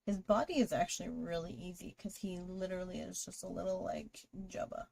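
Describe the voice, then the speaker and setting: A woman's voice: lowish voice, fairly even intonation, fairly quick, creaky, warm tone, slight background noise. A woman hosting a live drawing stream, chatting casually with viewers and greeting them while she draws. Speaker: livestream artist host.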